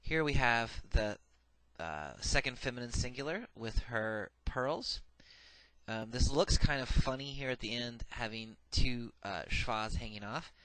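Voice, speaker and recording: A man's voice: mid-range voice, lively intonation, unhurried, a bit bright, no echo. A man giving a recorded grammar lecture, methodical and patient, saying each form twice with frequent "uh" fillers. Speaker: Hebrew grammar teacher.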